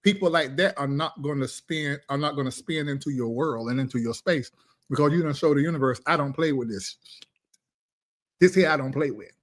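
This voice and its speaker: A man's voice: fairly high pitch, brisk. A man hosting a casual live-stream chat, talking in a blunt, emphatic, preachy way. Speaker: live show host.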